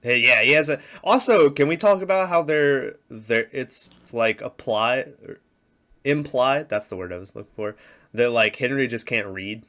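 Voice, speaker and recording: Bright-voiced man rambling about a film. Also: mid-range voice, animated, moderate pace. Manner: rambling, crude, acts out movie lines in voices. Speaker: podcast co-host. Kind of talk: casual movie podcast chat.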